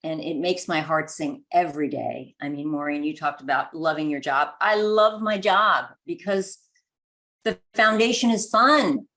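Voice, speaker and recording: Woman panelist, low-pitched, earnest and self-mocking, casual chat. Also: measured pace, a bit bright. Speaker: foundation staff panelist. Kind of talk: casual group discussion.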